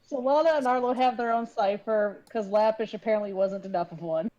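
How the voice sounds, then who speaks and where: Woman player, dry delivery, mellow tone, dull-sounding audio. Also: mid-range voice, fairly quick. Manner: dry, narrating her character's actions. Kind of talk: casual game chat.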